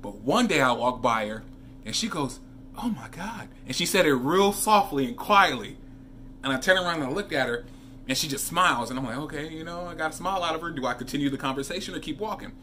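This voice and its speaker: A man's voice: fairly high pitch, quick pace, slight background noise. A man chatting casually in a vlog, telling stories and talking to viewers as he reviews fragrances. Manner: chatty, animated storytelling with asides to viewers.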